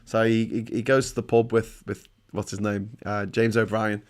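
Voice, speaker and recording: A man's voice: lowish voice, level tone, moderate pace. Scouse guy chatting on his live stream, middle-aged, jokey, reads out comments. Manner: chatty, joking, reads viewer comments aloud. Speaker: livestream host. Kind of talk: casual live stream chat.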